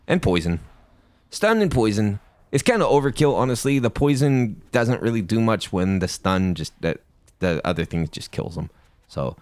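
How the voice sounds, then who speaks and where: A man's voice: low-pitched, no echo. A man giving playful gameplay commentary, talking to himself and cracking corny jokes as he plays. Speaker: gaming YouTuber.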